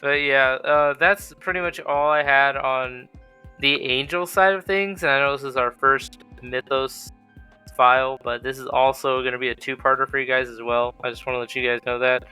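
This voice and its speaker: Young male host, clear resonant voice, jokey and profane. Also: mid-range voice, fairly even intonation, moderate pace, pushed and bright, soft background music. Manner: joking, loose and profane. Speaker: podcast host. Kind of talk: casual chat.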